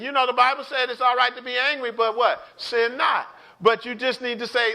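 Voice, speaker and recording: A man preaching an online Bible study, animated, repeating words and calling out to his listeners. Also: very high-pitched, normal speed, gravelly. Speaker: pastor teaching a Bible study.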